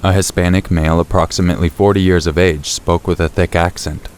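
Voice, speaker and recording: A man narrating a true scary story in the first person, in a steady, low-key storytelling voice. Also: a little fast, slight background noise. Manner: steady, low-key storytelling, rising sharply for shouted quotes. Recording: faint rain and thunder behind.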